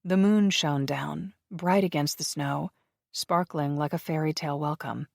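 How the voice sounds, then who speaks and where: An audiobook of a paranormal romance is narrated in a steady, measured, level way at medium pitch with a gravelly voice. The recording is close-miked and dry.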